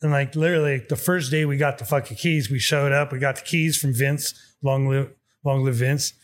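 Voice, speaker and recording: A man's voice: medium pitch, moderate pace. A man telling a story in casual chat, swearing freely and acting out both sides of the dialogue. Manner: profane, animated, acts out dialogue.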